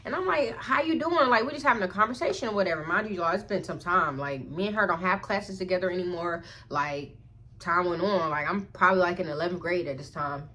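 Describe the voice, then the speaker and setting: A young woman vlogger telling a storytime in a chatty, expressive way, often talking straight to her viewers. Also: quick pace. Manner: chatty, expressive, keeps addressing viewers as y'all; acts out quoted lines in a higher put-on voice. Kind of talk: storytime vlog.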